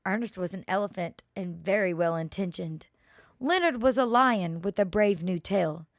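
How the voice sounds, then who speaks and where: Reading children's poems aloud, an older woman with a mid-range voice takes a slow, expressive pace and adds playful asides. The studio recording is clean, with no echo.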